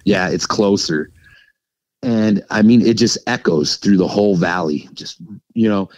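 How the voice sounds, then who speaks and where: A man's voice: on the low side, darkish tone, dry recording, lo-fi sound. A man telling a podcast host about an encounter in a casual, rambling way, full of fillers and restarts. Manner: rambling and halting, full of "like" and "you know". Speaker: podcast guest recounting an encounter. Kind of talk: casual storytelling.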